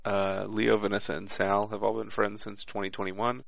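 A man's voice: fairly low pitch, level tone, normal speed, gravelly, no echo, dull audio. A man chatting about a tabletop game and reading his character notes aloud, with small stumbles.

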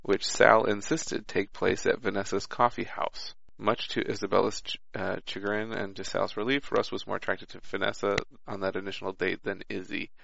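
Gravelly bright-voiced man reading notes. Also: lowish voice, little pitch movement, normal speed, hardly any pauses, no room sound, lo-fi sound. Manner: reads from notes with small stumbles. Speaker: tabletop game player. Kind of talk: casual chat, reading character notes aloud.

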